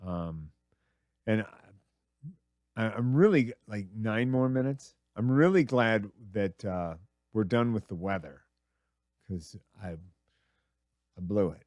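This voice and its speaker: A man's voice: lowish voice, animated, slow pace, pauses often, a little mellow, no echo. A middle-aged man hosting a radio show, rambling through crude, self-mocking comedy. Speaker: radio host. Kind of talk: casual comedic monologue.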